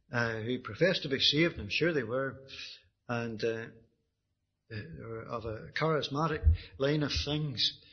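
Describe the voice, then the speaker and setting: A man with a Northern Irish accent gives his personal testimony as a sermon, speaking earnestly and often restarting and repeating his words. His voice is medium-pitched and slightly rough, captured on a dull lo-fi recording.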